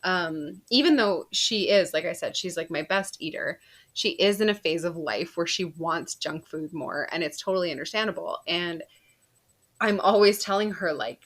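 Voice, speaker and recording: Chatty mom telling a story, lower-pitched. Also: female voice, moderate pace, a bit bright. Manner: chatty, laughs often, lots of fillers. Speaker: podcast host. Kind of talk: casual personal storytelling.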